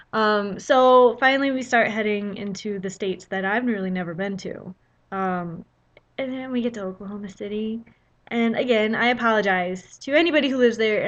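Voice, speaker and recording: A woman's voice: on the high side, lo-fi sound. A young woman telling a travel story in a casual vlog, chatty and full of "you know" fillers. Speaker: vlogger.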